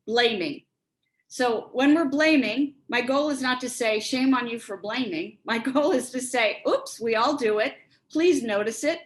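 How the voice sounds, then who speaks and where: Over a video call, a woman who speaks on resilience and relationships gives an earnest, reflective workshop talk, acting out snippets of dialogue as she explains. Her voice is fairly high, and the recording quality is low.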